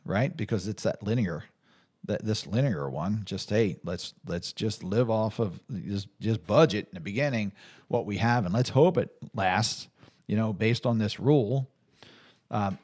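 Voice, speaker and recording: A middle-aged man, a financial planner, explaining things in an unscripted, conversational way, with frequent restarts and fillers. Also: a little mellow. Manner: conversational, many restarts and fillers, pitch rising on emphasis. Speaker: financial planner hosting an advice video.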